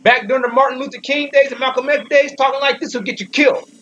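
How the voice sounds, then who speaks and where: A man giving an informal Bible commentary, speaking emphatically, repeating and restarting phrases, and slowing down when he reads verses. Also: very high-pitched, fairly even intonation, fairly bright tone, slight background noise. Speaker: Bible teacher. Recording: dull lo-fi recording with faint music.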